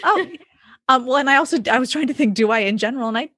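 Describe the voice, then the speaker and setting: Middle-aged woman co-host, casual chat, quick laughs, dry close sound. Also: sits high, no room sound. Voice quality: laughs often, animated storytelling. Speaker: podcast co-host.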